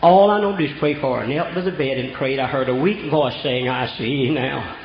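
A man's voice: on the high side, fast talker, slight background noise. An older man preaching a folksy storytelling sermon, from Oklahoma, with homespun rural grammar. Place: church. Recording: echoey church room, dull lo-fi sound.

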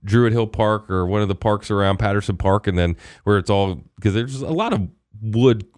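A man's voice: lowish voice, normal speed, a little mellow, dry recording. A man hosting a radio show, chatting casually and telling a rambling story full of fillers and acted-out quotes in a studio. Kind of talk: casual on-air chat. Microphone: studio microphone.

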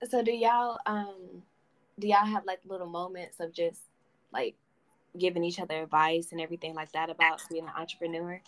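A woman hosting a casual interview, asking curious questions in a relaxed way. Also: fairly low pitch, moderate pace, low-quality recording. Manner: curious, casual, full of fillers. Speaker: podcast host.

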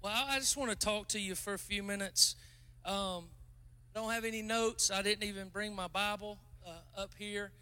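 High, bright-voiced joking preacher man. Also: steady tone, normal speed, clear, resonant tone. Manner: chatty, self-mocking, bursts into loud exclamations. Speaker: guest pastor. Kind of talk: casual joking sermon.

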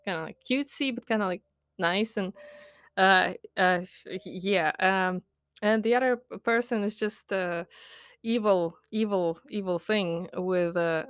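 A young woman rambles through a candid podcast diary rant, stacking fillers and breaking into frequent laughter as she teases herself. Her voice sits at an ordinary middle pitch. The recording is dry and close. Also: no room sound. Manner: self-mocking, candid. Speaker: podcast host.

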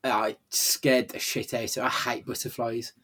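A man co-hosting a casual film review chat, sweary and animated. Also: medium pitch, moderate pace, a crowd in the background. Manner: sweary, animated, laughing often. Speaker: podcast co-host.

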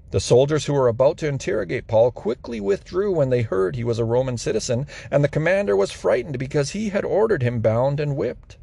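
A man reads scripture aloud in a gravelly voice that sits a little high for a man. He keeps a steady, even pace from line to line. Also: brisk, hardly any pauses. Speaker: Bible reader. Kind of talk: scripture reading.

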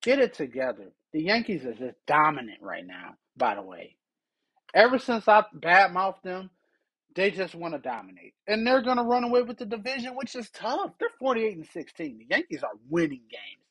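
A man's voice: sits high, very animated, normal speed, a bit bright, slightly rough, poor audio. A man hosting a solo sports podcast, ranting with exasperated rhetorical questions. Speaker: podcast host.

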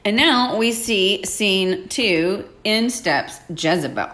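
Lively woman retelling a Bible story. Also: mid-range voice, slow. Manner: playful, dramatic, acts out characters, laughs often. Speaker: podcast host.

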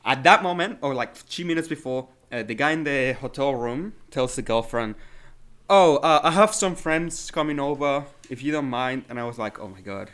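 A man co-hosting a podcast, talking about a film in a halting, enthusiastic way with many restarts. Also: mid-range voice, a bit bright. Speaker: podcast co-host. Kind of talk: casual film discussion.

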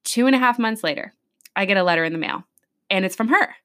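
A woman who works as a hairstylist, co-hosting a podcast and telling a story in a chatty, animated way, acting out the voices of the people in it. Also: medium pitch, fast talker. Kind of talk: casual storytelling chat.

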